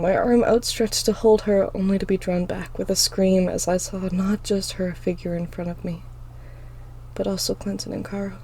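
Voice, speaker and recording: Gravelly woman reading her story aloud. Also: mid-range voice. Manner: emotional, expressive. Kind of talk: dramatic first-person story reading.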